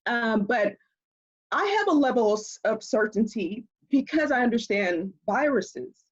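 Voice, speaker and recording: Woman expert guest, husky voice with lively pitch, explaining over a dull video call line. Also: measured pace. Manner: animated, explanatory, laughs often. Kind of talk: conversational interview.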